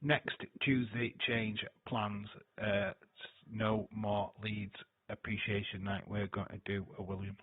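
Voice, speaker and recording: A man hosts a live stream reacting to wrestling, chatting loosely with viewers, reading their comments, and swearing and laughing along the way. His voice is fairly low, husky, and unhurried, with little pitch movement. The recording is dry, with no room sound, and has a tinny, phone-like quality.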